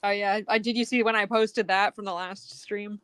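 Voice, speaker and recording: A woman's voice: mid-range voice, fairly even intonation, normal speed, a bit bright, clean tone, dry recording. A woman guest artist chatting casually and laughing often while she draws on a stream.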